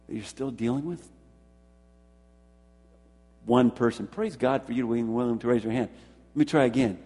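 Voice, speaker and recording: A man preaches in a husky, mellow voice, pitched a little above the usual. He stresses his points by repeating words and asks the congregation questions directly. The sound rings out with a long hall reverb. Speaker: pastor. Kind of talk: sermon.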